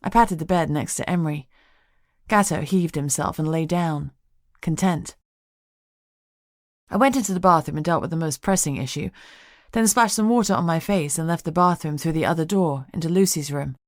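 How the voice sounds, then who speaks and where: A woman narrating a first-person audiobook with a wry, lively storytelling manner. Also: sits low, normal speed, no echo, studio quality.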